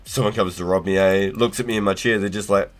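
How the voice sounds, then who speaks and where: A man hosting a casual game livestream, talking in a relaxed, slangy way to chat and swearing freely. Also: sits low, fast talker, soft background music. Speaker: livestream host.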